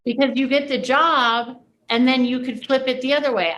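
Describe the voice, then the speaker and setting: A woman's voice: high-pitched, fairly even intonation, normal speed, few pauses, fairly bright tone, poor audio. A woman leading a class, talking through a spiritual coaching idea in an earnest, reflective way with many "like"s. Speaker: class leader.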